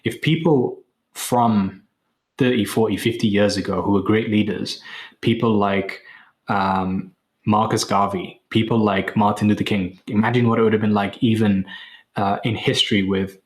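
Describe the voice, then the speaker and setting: Low-voiced guy hosting his podcast, earnest and reflective, lots of ums and pauses. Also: steady tone. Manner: earnest, measured, pauses often with fillers. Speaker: podcast host. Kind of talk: reflective monologue on spirituality and business.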